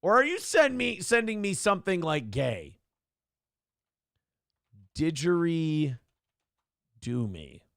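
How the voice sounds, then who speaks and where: A man's voice: fairly high pitch, very animated, takes it slowly, creaky, long pauses, fairly bright tone, no echo, studio quality. A man hosting a live morning show, joking, swearing freely and reading viewer messages aloud. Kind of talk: casual live-stream talk.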